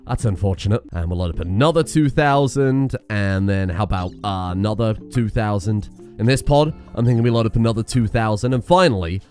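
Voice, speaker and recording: A man's voice: fairly low pitch, fairly quick, soft background music. A man casually commentating his own gameplay, breaking into exclaims and laughter. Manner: excitable, laughs and exclaims in bursts. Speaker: gaming video host.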